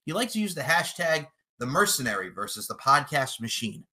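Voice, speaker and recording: A man cutting a boastful, profane wrestling trash-talk promo, taunting his opponent and breaking into shouted lines. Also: mid-range voice, big pitch swings, fairly quick, husky. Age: adult, podcasting eight years. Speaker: podcast promo contestant.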